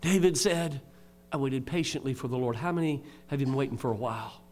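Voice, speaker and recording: A man preaching a sermon, climbing to fervent near-shouted passages and then dropping to a low, earnest tone. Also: a little fast.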